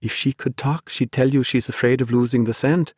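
A man voicing a spirited, stubborn young girl who answers with sharp, teasing retorts. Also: mid-range voice, steady tone, fairly quick, husky, dry recording, clean studio sound, natural voice.

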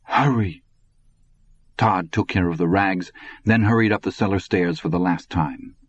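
A man narrating an audiobook in a husky voice. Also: low-pitched, moderate pace. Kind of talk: scripted narration. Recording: dull, lo-fi recording.

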